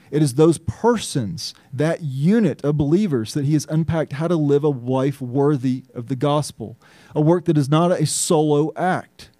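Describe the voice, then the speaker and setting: Emphatic pastor with a dark, mellow voice. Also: male voice, a little high, no echo. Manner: earnest, emphatic, thinking aloud with restarts. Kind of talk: sermon.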